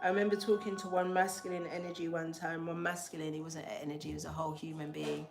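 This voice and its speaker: A woman tells a story in casual slang to her livestream audience and acts out each exchange. Her voice sits fairly low, and faint music plays underneath. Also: fast, vocal fry. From England. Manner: animated, slangy, acts out dialogue. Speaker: spiritual livestream host.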